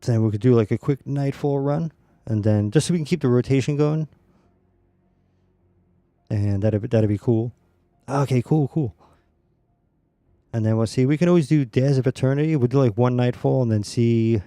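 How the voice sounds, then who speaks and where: A man streaming a game, chatting casually with teammates in a relaxed, rambling way with many fillers. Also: mid-range voice, normal speed, dry recording. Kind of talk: casual gaming chat.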